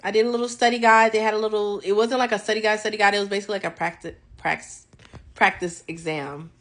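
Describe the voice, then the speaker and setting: A young woman vlogging a casual faith testimony, animated and acting out her conversations with God. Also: mid-range voice, quick pace.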